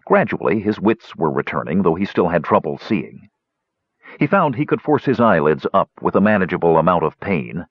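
Man narrating a story, husky, lowish voice, lively delivery, dry, dull sound. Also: fairly quick, dry recording. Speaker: audiobook narrator. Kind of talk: scripted narration.

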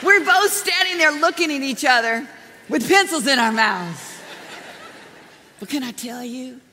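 A woman preaching a sermon in a lively, chatty way, often laughing as she talks. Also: high-pitched, unhurried, a little hiss or hum. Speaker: pastor. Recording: long hall reverb.

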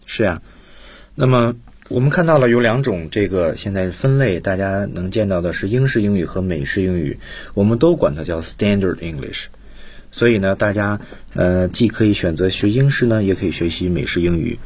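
A man's voice: sits low, fairly quick, darkish tone, husky. A man teaching English on the radio, patiently explaining and repeating key points in a bilingual lesson.

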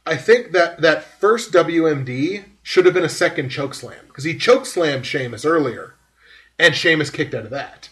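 A man's voice: fairly high pitch, animated, normal speed, fairly bright tone. A man hosting a podcast, giving a rambling, filler-heavy breakdown in casual chat. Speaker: podcast host.

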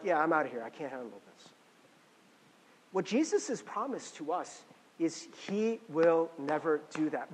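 A man preaching a sermon as a pastor, talking in a casual, animated way with frequent restarts and fillers. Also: a little high, husky, big-room sound.

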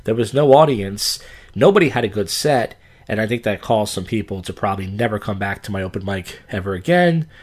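A man's voice: on the low side, lively intonation, a little fast. Man, podcast host, casual rambling monologue, lots of "uh" and "you know", blunt, swears freely. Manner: rambling, frequent fillers, blunt and profane.

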